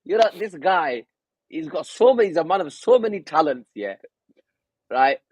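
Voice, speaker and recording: A man's voice: a little high, lively intonation, normal speed, darkish tone, husky, no echo, rough recording. A man on a football fan panel, teasing and interrupting the others in casual banter. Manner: teasing, interrupting, repeats words. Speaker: panel member on a fan show.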